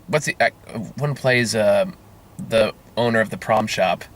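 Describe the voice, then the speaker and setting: A man's voice: lowish voice, unhurried, fairly bright tone. A man reviewing a movie in casual chat, rambling and swearing freely, laughing often.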